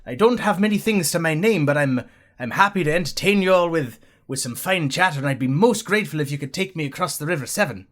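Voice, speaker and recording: A scruffy, grandfatherly old Welsh merchant seaman, put on by a man running a tabletop game, talking in a raised, lilting voice full of folksy turns of phrase. His pitch climbs and dips a lot as he chats. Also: expressive, fast, a bit bright, soft background music. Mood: grateful.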